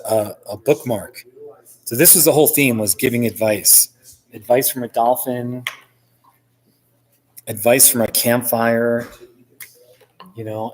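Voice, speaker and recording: A man's voice: medium pitch, darkish tone, low-quality recording. A man chatting casually and rambling on a live stream from a coffee shop, chuckling often as he talks. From United States.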